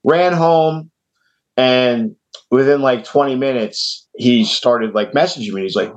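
Taking his time, a New York-accented podcast host from New York tells a long, laid-back story. When quoting people in it, he animatedly performs their voices at a higher pitch. The recording has a dull, lo-fi podcast quality.

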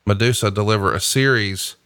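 A man's voice: lowish voice, brisk, pushed and bright, no echo, studio quality. A man hosting a podcast, casually chatting and playfully ribbing his co-host while watching wrestling.

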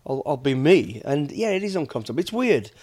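A man's voice: a little high, big pitch swings, fairly quick, a little mellow, breathy edge. A middle-aged man from the United Kingdom, blunt and plain-spoken, telling stories in a casual podcast chat. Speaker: podcast host, former soldier and bodyguard.

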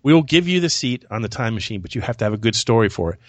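A man's voice: lowish voice, very animated, rapid-fire, no room sound. Dry-sounding male podcast host. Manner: rambling, repeats words when starting. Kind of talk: casual podcast chat.

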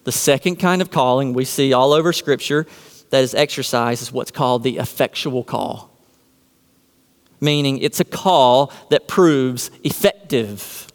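A man's voice: mid-range voice, a little slow, big-room sound. A man preaching a sermon from the pulpit, posing rhetorical questions and answering them with emphasis. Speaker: pastor.

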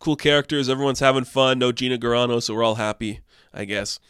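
Animated sarcastic young man, smooth voice. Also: mid-range voice, quick pace, dry recording, studio quality. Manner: animated, sarcastic, swings from deadpan to excited. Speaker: entertainment news host. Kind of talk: casual commentary.

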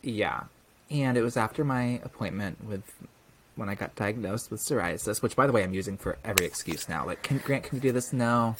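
Speaking a little fast in a lowish voice, with slight background noise, a young podcast co-host recounts a story during casual chat. He animates it by performing the quoted voices of the people involved.

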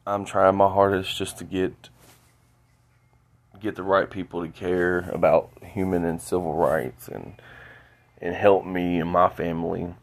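Stuffy low-voiced man, slow halting monologue. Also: flat delivery. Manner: halting, repeats words, rambling. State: stuffy from a cold. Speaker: podcaster. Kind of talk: solo monologue.

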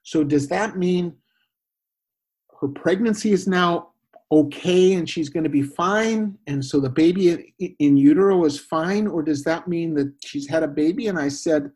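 A man, a former missionary, telling a personal story in a guest interview, animated and full of restarts and quoted voices. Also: fairly high pitch, a little slow, slightly rough. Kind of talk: conversational storytelling.

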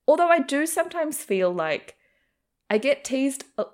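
A woman's voice: sits high, very animated, normal speed. A young adult woman with a faint New Zealand accent, chatting in an interview and laughing often. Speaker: actor and comedian interviewee. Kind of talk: casual interview chat.

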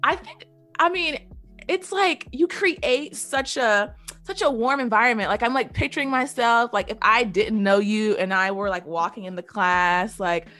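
A woman's voice: on the high side, normal speed, sharp tone, soft background music. A woman hosting a casual chat, enthusiastic and using many "like" fillers. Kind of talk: casual podcast conversation.

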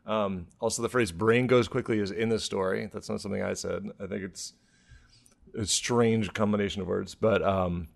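A man hosting a casual comedy podcast, playful and quick to laugh while reading out stories. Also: lowish voice, steady tone, gravelly. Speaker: podcast host.

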